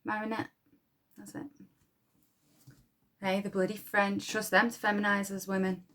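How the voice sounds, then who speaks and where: An actress playing a blunt, defiant young wartime munitions worker with a Yorkshire accent, who swears freely and talks with scorn. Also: female voice, medium pitch, level tone, moderate pace, a bit bright, close to an everyday voice. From Yorkshire, England. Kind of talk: dramatic monologue.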